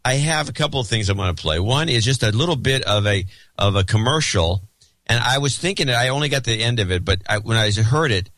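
A man's voice: mid-range voice, lively intonation, brisk, a bit bright, no room sound. Man podcast co-host, casual rambling talk, restarts, dry close sound. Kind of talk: casual chat.

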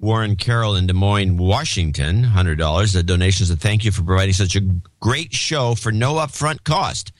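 A man's voice: on the low side, animated, normal speed, few pauses, faint music behind. A man co-hosting a casual podcast, reading donor notes in a matter-of-fact way with sardonic asides.

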